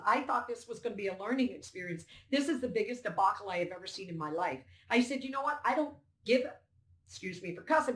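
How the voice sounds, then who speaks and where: An older woman giving an emphatic, indignant interview account, acting out the dialogue as she tells it. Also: on the high side. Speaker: poll challenger recounting events. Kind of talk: interview testimony. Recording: roomy echo.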